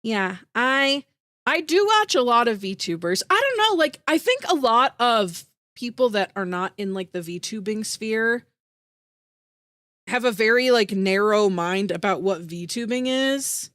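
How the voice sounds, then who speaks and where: A woman's voice: on the high side, expressive, measured pace, fairly bright tone, dry recording, clean studio sound. A woman streamer chatting casually with her viewers, bubbly and giggly, full of "like" fillers, with an emotional voice that rises into teary squeals.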